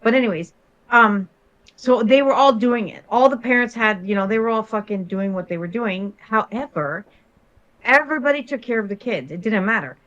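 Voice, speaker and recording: A woman's voice: fairly high pitch, moderate pace, a bit bright, lo-fi sound. A woman from Toronto chatting as co-host in a live stream, talking bluntly and emphatically and swearing freely. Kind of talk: casual chat.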